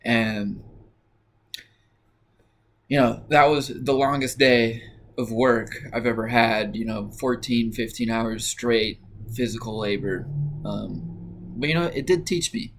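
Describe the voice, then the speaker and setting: A man's voice: medium pitch, slow pace, pauses often. A young man casually telling a personal work story, rambling with lots of "like" and "you know" fillers. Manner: relaxed, rambling with many fillers.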